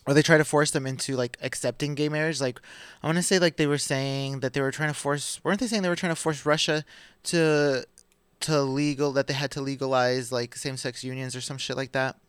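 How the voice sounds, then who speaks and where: A man of average pitch co-hosting a casual podcast, reading news aloud and breaking off to joke and curse. The sound is dry and close, with little room echo. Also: fairly even intonation, fairly quick, fairly bright tone, smooth. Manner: chatty, swearing, laughs while reading. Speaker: podcast co-host.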